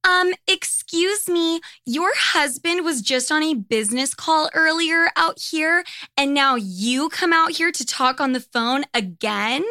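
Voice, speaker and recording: A fussy, reproachful middle-aged lady, put on by a woman telling a story, lifts her voice high and bright to scold a neighbour on the next balcony. Her tone is prim and disapproving, with a crisp edge in a dry, close sound. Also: measured pace, dry recording, exaggerated voice.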